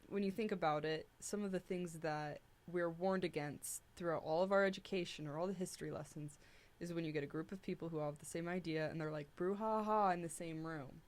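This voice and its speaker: A young woman co-hosting a casual discussion podcast, chatty and upbeat, with frequent "like". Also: fairly low pitch. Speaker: co-host.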